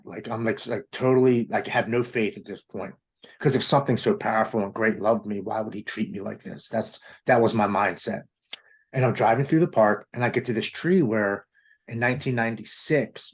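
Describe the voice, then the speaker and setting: A man in his forties from Maryland recounts his testimony to an interviewer. His voice sits on the low side and has a husky edge. He tells the story earnestly and with feeling, often quoting his own past thoughts aloud. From Maryland, United States. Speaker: guest telling his testimony.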